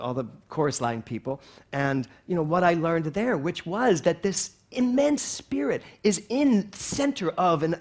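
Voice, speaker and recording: A man in his sixties preaching a sermon as a minister in a church, animated, swinging from soft passages to loud exclamations. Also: a little high. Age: 60s.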